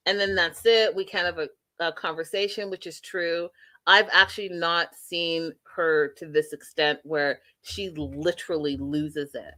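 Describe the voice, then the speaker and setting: A woman hosting a live recap show, telling the story with lively, opinionated asides and quoting people as she goes, talking straight to her viewers. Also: lowish voice, unhurried. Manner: addresses viewers directly as y'all and you guys. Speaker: host. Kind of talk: recap and review live stream.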